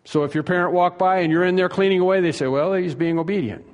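A man preaching a sermon, emphatic, repeating key phrases and slowing down to stress them. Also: high voice, fairly even intonation, a little mellow. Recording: long hall reverb.

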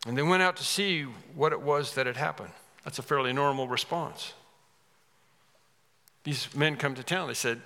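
Man, preacher, sermon, emphatic, bright voice, reverberant church hall. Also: mid-range voice, normal speed, long pauses. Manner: earnest, emphatic, with restarts and sudden rises.

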